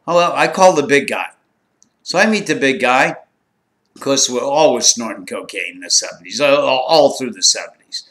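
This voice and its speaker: A man's voice: medium pitch, lively intonation, normal speed, fairly bright tone. A man in his sixties telling a raw, profanity-laden story in a blunt, candid monologue. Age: 60s. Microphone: home recording.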